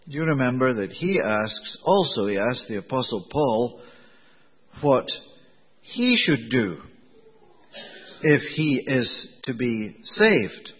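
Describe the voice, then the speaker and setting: A man preaching a sermon in a conversational, digressive way, with a slightly husky voice. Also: medium pitch. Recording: dull lo-fi recording in a reverberant hall.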